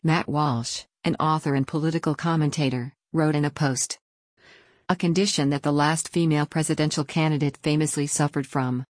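Low-voiced woman reading news. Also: normal speed, no echo. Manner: even, read-aloud delivery. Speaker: news reader. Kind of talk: scripted news narration.

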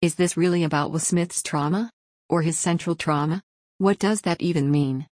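Low-voiced woman reading a column. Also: fairly even intonation, moderate pace, a little mellow, no room sound, studio quality. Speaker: article reader. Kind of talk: read-aloud opinion column.

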